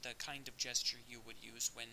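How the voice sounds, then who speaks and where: A man's voice: mid-range voice, little pitch movement, fairly quick, pushed and bright, poor audio. A man recording an audio lecture, explaining step by step with occasional restarts. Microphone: audio-only recording. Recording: faint hiss.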